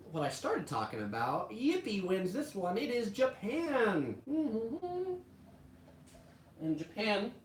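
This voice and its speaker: Chatty woman, roomy sound. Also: fairly low pitch. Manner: chatty, heavy use of "like" fillers. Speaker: travel channel host. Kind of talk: casual live-stream chat.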